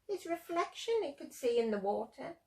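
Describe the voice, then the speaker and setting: A woman reading a picture book aloud to children as a storyteller, gentle and expressive, often asking them questions. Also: sits high, moderate pace. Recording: roomy echo.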